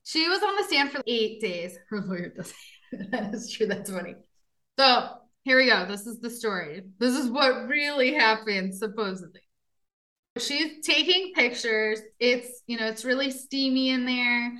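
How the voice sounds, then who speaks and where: A woman's voice: fairly high pitch, lively intonation, measured pace, pushed and bright. A woman co-hosting a podcast, casually recounting a true crime case with lots of fillers. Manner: chatty storyteller, frequent fillers and laughs.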